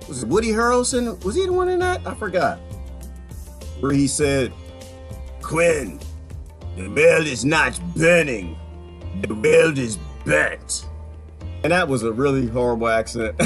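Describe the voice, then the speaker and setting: Male vlogger, somewhat high voice, loose and jokey, faint background music. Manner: rambling, jokey, laughs often, repeats phrases. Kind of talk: casual monologue.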